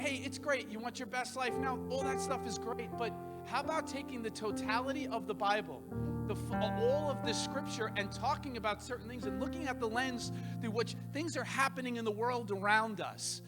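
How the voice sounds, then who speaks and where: A man preaching to a congregation as a pastor hosting a church panel, energetic and rambling, with restarts and asides, in a church sanctuary. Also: sits high, in a large hall. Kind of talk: informal sermon-style talk to a congregation.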